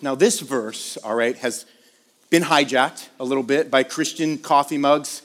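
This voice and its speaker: A man's voice: medium pitch, steady tone, unhurried, fairly bright tone, long reverb tail. A man preaching a conversational sermon, moving from casual asides to emphatic questions. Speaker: pastor.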